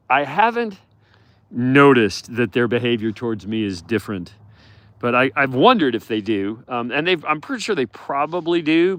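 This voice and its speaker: The man's voice is medium-pitched and a bit bright, with no echo. A wolf sanctuary caretaker, he strolls through the outdoor enclosure in a casual live walk-and-talk, affectionately cooing at the wolves and responding to viewer questions.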